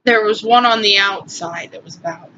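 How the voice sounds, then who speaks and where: Bright-voiced woman in her twenties rambling. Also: medium pitch, moderate pace. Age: 20s. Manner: chatty, emotional, lots of "anyway" and asides. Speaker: vlogger. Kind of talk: rambling personal storytelling. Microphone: phone. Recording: muffled phone audio with faint hiss.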